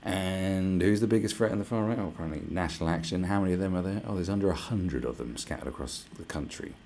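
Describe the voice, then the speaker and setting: A young man rants to camera in a loose, rambling way, swearing freely and dripping with sarcasm. His voice sits very low and rough with a gravelly fry. A faint hiss runs under the recording. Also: fast talker, a little mellow. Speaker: vlogger. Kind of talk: casual rant to camera.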